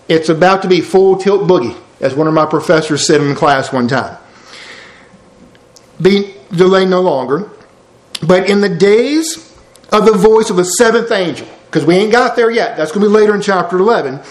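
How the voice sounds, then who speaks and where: A preacher with a notably high voice reads scripture aloud and breaks in with homespun explanations. His delivery is casual and conversational, drifting now and then from the mic. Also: rough recording. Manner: folksy, explains verses line by line with asides. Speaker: preacher teaching a Bible study. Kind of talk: sermon.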